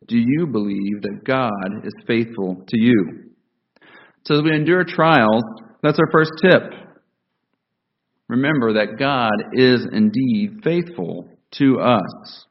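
A man preaching a sermon to his congregation. He speaks in a measured way and repeats key phrases for emphasis. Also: medium pitch, dull audio. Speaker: pastor.

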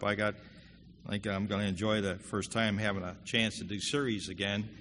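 A man with a bright, forceful voice preaching in a church hall. He moves between plain conversational talk and louder, emphatic reading of scripture. The sound carries a long reverb with a faint hum of the room behind it. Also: on the low side. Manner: earnest preaching, rising loud when quoting scripture. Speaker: pastor. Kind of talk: sermon.

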